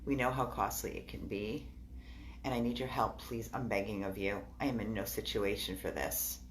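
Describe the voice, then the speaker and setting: A woman who rescues dogs records a tearful update in an animal hospital exam room. She speaks in a low voice and sounds upset throughout. She pleads with her viewers and repeats herself over and over. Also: steady tone, moderate pace, a little hiss or hum. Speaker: dog rescuer. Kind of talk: emotional video update to viewers.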